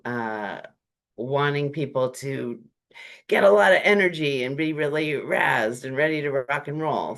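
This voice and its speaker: A workshop presenter speaking in a relaxed, conversational way, with frequent fillers and lively shifts in tone. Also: medium pitch. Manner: animated, acts out short quoted greetings; chatty, with frequent "um" and "like".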